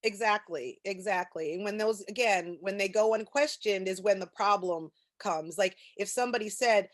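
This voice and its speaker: A woman's voice: mid-range voice, normal speed, few pauses. A woman presenting a training session over a video call, explaining ideas through personal anecdotes. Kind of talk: conversational lecture.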